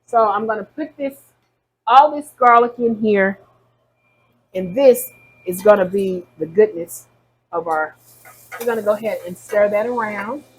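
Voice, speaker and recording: A woman's voice: medium pitch, unhurried, long pauses, slightly rough, low-quality recording. A woman hosting a casual home cooking demonstration in her kitchen, chatty and rambling, often correcting herself mid-sentence. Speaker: home cooking video host.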